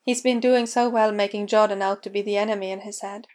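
A woman narrating a story aloud with a steady, even reading. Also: medium pitch, fast. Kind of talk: reading fan fiction aloud.

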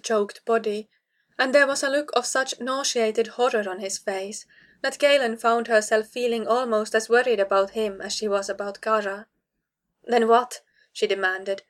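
A woman's voice: fairly high pitch, steady tone, normal speed. A woman narrating a fantasy novel aloud, reading a tense scene with dramatic weight. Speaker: audiobook narrator.

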